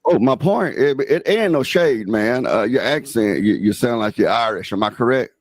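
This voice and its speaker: A man's voice: mid-range voice, animated, moderate pace, dry recording, clean studio sound. A man in his fifties from Alabama with a Southern accent, joking in folksy banter as a caller on a debate panel. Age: 50s. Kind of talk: casual debate chat.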